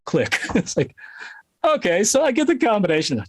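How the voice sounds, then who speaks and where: A middle-aged man from Connecticut telling a story in a casual interview, animated and laughing often. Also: high voice, normal speed, dry recording. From Connecticut, USA. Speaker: guest musician.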